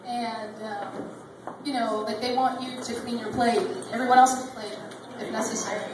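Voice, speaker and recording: A woman's voice: fairly high pitch, steady tone, moderate pace, noisy background. A woman in her thirties doing a rambling, self-deprecating stand-up set on a comedy club stage. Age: 30s. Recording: distant mic in an echoey club. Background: audience laughter.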